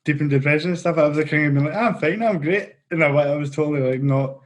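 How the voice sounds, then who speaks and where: A man's voice: a little high, level tone, very fast. A Scottish man hosting an interview, friendly and encouraging, talking openly about mental health. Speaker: podcast host. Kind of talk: casual interview chat.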